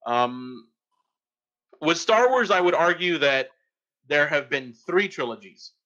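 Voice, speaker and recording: A man's voice: on the high side, lively intonation, slow, bright, forceful tone, highs cut off. A man co-hosting a casual chat, raising questions in a methodical way. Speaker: podcast co-host.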